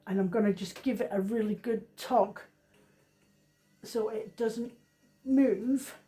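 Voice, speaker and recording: A woman who owns a craft shop runs a demonstration, chatting through every step in a casual, self-deprecating manner. Her voice is medium-pitched and warm, though the recording is rough.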